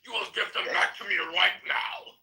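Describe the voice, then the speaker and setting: A man voicing an angry male orc warrior who shouts orders in an exaggerated way. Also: normal speed, roomy sound, far from the mic. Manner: bellowing, exaggerated.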